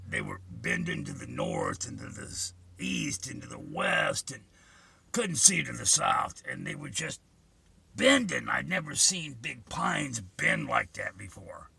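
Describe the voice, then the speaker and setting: A man's voice: medium pitch, huge pitch swings, measured pace, creaky, pushed and bright, breathy edge. An older man telling a vivid, profane personal story in an earnest way.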